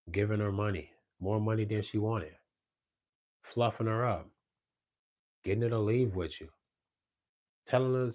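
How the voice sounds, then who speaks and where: A man, delivering a profane, confrontational monologue rant that swings between low muttering and loud outbursts. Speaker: podcast host ranting on politics.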